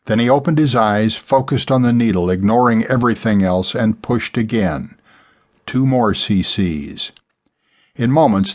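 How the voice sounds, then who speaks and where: A man narrating a dramatic novel in a measured, deliberate delivery. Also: lowish voice. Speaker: audiobook narrator. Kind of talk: scripted fiction narration.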